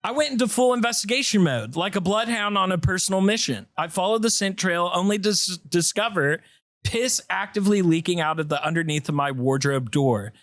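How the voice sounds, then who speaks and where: Animated man reading a comic letter. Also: high voice, a little fast, no echo. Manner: animated storytelling, breaks into laughter. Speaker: podcast co-host. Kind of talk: reading a listener voicemail aloud, comic. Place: podcast studio.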